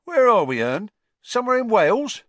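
A man voicing a cheeky, brash young wizard bus conductor with loud, rough working-class speech. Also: high-pitched, big pitch swings, normal speed, no echo, voice pushed up. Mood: cocky. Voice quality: broad dropped-letter working-class speech.

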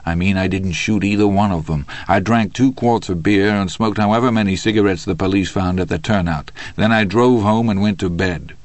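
A man voicing a calm, reserved male defendant who answers in a quiet, measured way. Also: low-pitched, no echo, natural voice.

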